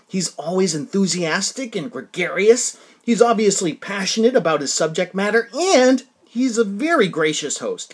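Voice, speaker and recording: A man's voice: high-pitched, husky. A man hosting a podcast interview, upbeat and chatty, often repeating his words. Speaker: podcast host. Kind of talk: casual interview.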